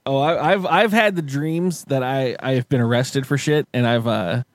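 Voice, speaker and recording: A man co-hosting a casual podcast, telling stories in a rambling, halting way with frequent laughs. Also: medium pitch, dry recording, studio quality. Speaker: podcast co-host. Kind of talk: casual chat.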